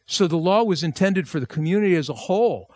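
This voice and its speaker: A man's voice: high voice, lively intonation, quick pace, darkish tone, no echo. A male pastor preaching a verse-by-verse sermon, emphatic and repeating phrases for stress. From United States.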